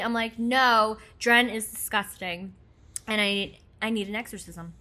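A woman's voice: a little high, level tone, normal speed, pushed and bright. A woman co-hosting a casual podcast chat, teasing and playful in her banter. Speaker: co-host.

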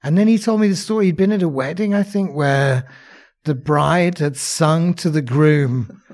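A man's voice: on the high side, normal speed, darkish tone. A man, an actor, talking casually in an interview, rambling and self-mocking with restarts. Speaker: actor and songwriter guest.

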